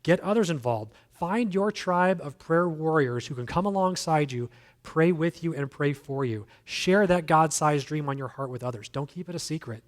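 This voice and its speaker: A man's voice: a little high, lively intonation, moderate pace. A male guest speaker giving a sermon in a conversational, emphatic way, with self-deprecating humor. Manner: emphatic, repeats key phrases.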